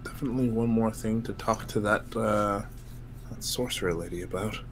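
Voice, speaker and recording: Low-voiced man playing a tabletop character. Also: normal speed, slight background noise. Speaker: player. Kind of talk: in-character role-play in a tabletop game.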